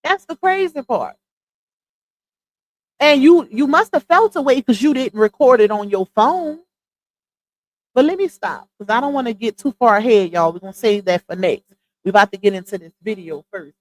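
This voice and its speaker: A woman hosts a casual gossip commentary livestream from home, talking straight to her viewers and calling them "y'all" and "child." Her fairly high, expressive voice moves at a moderate pace, and the audio from her earphones with mic is poor.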